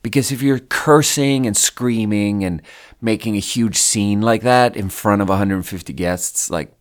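A podcast host with a fairly low voice tells a rambling, profane story at an unhurried, casual pace, dropping in frequent fillers.

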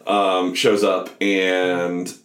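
A man's voice: low-pitched, completely flat delivery, very slow, fairly bright tone, roomy sound. A man co-hosting a podcast, chatting casually about a film with many fillers and the odd swear. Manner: rambling, profane, many fillers. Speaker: podcast co-host.

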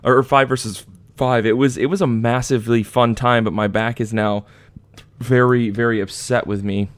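A young man chats on his podcast in a lively, storytelling way, his pitch jumping around as he acts out the people in his anecdotes. His voice sits in an ordinary middle register. The recording is close and dry. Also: moderate pace, dry recording. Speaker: podcast host. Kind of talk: casual chat, storytelling.

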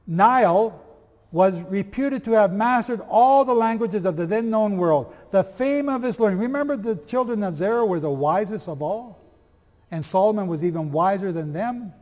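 Animated man preaching in a reverberant hall. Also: high-pitched, normal speed. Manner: animated, asks the audience questions, reads old texts aloud. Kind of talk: lively sermon-style teaching to a congregation.

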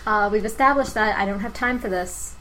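A woman voicing a brisk, uptight female worker who is behind schedule, speaking in curt, impatient lines during a tabletop role-play. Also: mid-range voice, sharp tone, slight background noise, close to an everyday voice, low-quality recording.

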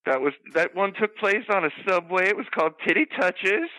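In this comedic character bit, a man does a high, animated, fairly quick voice as a flustered, bawdy old Southern belle rambling through scandalous gossip, gasping with hiccups between phrases. His tone is bright and forceful. The low-quality recording has no room sound.

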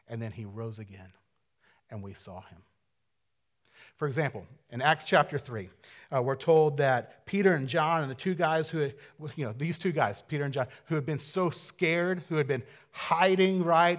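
A man preaching a sermon in a conversational, dynamic way, dropping to a hush and then rising to loud emphasis, with casual asides and quick self-corrections. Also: on the high side. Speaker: pastor.

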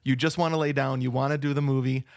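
A man's voice: mid-range voice, flat delivery, fast, a little mellow, no room sound, studio quality. A man co-hosting a movie podcast in casual chat, playful and musing, with self-doubting asides. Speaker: podcast co-host.

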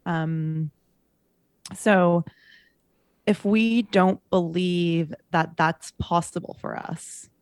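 A woman's voice: fairly low pitch, extremely slow, long pauses, a little mellow, no echo, clean studio sound. A woman who works as a coach, talking in a casual podcast conversation, earnest and emphatic, making her points in repeated parallel phrases.

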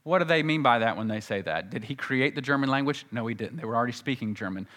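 A man preaching a sermon as pastor, teaching earnestly and slowing down to recite scripture. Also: medium pitch, expressive, fairly bright tone.

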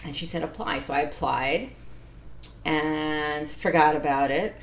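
Woman guest, relaxed storyteller, lower voice, animated and laughing. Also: unhurried, slight background noise. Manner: animated, laughs often, acts out quoted voices. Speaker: interview guest. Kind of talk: casual storytelling.

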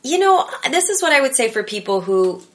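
A woman talking casually as an interview guest about improv, animated and rambling with lots of fillers. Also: on the high side, a little fast.

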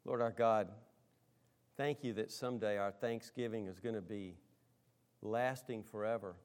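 A man pastor delivering a conversational sermon to his congregation, speaking to them directly and moving between loud emphasis and hushed, almost whispered lines. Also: on the low side, unhurried, smooth.

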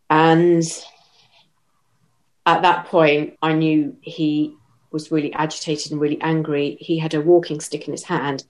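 Low voiced woman telling what happened to her, halting, steady, interview. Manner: measured, halting retelling with restarts. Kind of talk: personal account in an interview.

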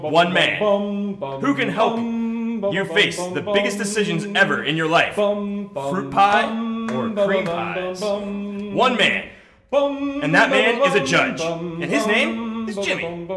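A man co-hosting a comedy podcast, reading a mock-dramatic announcer intro and throwing in deadpan quips. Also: high voice, slow, pauses often, a loud crowd. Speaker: co-host. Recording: roomy recording over loud music.

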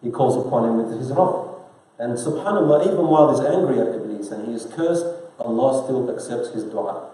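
A man's voice: mid-range voice, lively intonation, brisk, warm tone. A man preaching a sermon in a conversational way, asking the congregation questions and explaining Arabic scripture in English. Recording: very echoey room.

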